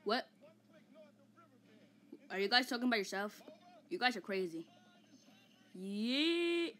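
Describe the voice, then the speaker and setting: A woman's voice: a little high, lively intonation, slow, fairly bright tone, slight background noise. A woman voicing a vain, hot-tempered giant male ape in a comic fan dub, taunting and boasting with mock roars.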